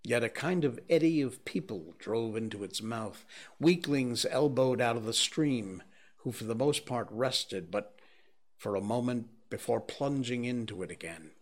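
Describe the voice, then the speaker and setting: Male audiobook narrator, measured and grave, mid-pitched, unhurried. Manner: slow, measured, grave reading. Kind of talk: scripted narration.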